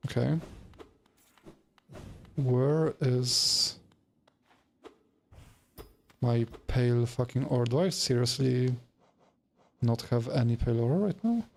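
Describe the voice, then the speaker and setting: A man's voice: medium pitch, slow pace, gravelly, pauses often. A man streaming a game after work, tired and rambling, chatting casually with viewers and swearing freely. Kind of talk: casual gaming livestream chat.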